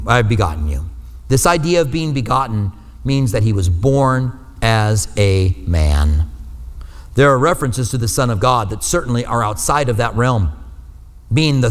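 A man's voice: medium pitch, animated, moderate pace, long reverb tail. A male pastor giving a sermon in a conversational style, with joking asides between scripture readings. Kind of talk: expository sermon on radio.

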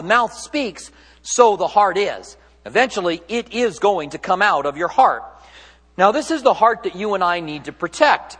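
High-voiced man preaching in a reverberant church. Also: fairly bright tone. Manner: conversational, joking preaching with self-corrections. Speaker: pastor. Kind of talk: sermon.

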